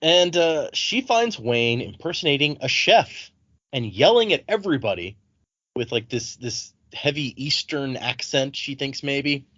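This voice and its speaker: A man retelling a book's chapters for his podcast co-hosts, slipping into little voices for the quotes. His pitch moves around a lot. The recording is dry and a bit dull. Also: measured pace, no room sound. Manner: animated retelling, reads quotes in put-on voices. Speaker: podcast co-host. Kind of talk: casual book discussion podcast.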